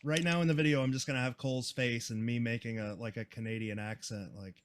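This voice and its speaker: A man's voice: mid-range voice, fairly even intonation, quick pace. A man co-hosting a podcast in casual chat, playfully riffing on jokes. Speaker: podcast co-host.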